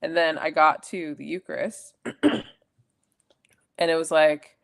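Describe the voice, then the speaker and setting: A woman's voice: deep voice, steady tone, slow pace, creaky. A young adult woman co-hosting a podcast, telling a personal story in a rambling, chatty way with self-corrections. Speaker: podcast co-host. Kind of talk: casual chat.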